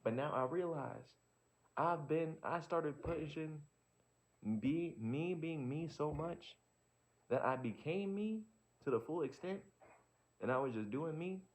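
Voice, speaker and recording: A man's voice: fairly high pitch, takes it slowly. A man in a casual reflective monologue, talking candidly and profanely and rambling as he works through his own thoughts. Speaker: vlogger. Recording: dull lo-fi sound.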